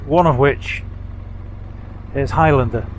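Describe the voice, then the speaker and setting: Riding a motorcycle sidecar along country roads, a middle-aged man from England tells stories in a rambling ride narration full of fillers and restarts. He's a motorcycle vlogger speaking slowly at medium pitch, and the audio is poor, with road and engine noise in the background.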